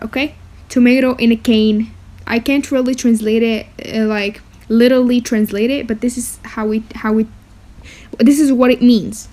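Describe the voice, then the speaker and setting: A woman teaching beginner vocabulary, saying each word slowly and repeating it, often checking in with "okay?". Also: fairly high pitch, dark tone. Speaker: language teacher. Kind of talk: slow vocabulary lesson with repetition.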